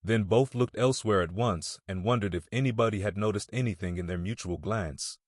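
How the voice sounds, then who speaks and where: Brief: male audiobook narrator, lowish voice, measured and steady, dry close sound. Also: no echo. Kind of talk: scripted narration.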